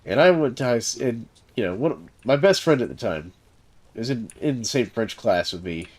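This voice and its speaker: A man from the Southern United States, a game streamer and server host, chats casually while gaming on a live stream in a mid-range voice with lively intonation at a moderate pace. He rambles through stories, using lots of fillers and chuckling as he goes.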